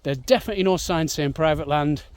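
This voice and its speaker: A man's voice: fairly high pitch, fast, clear, resonant tone. Breathless man vlogging outdoors. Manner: chatty, talking while walking and running. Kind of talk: casual outdoor vlog narration. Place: outdoors on open moorland. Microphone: handheld camera.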